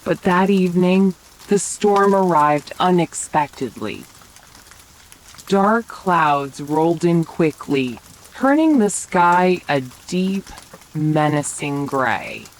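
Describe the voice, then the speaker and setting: Low soft woman narrating a bedtime story, whispered role-play, slow, faint rain under it. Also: animated, a little hiss or hum, low-quality recording. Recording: faint rain sounds behind.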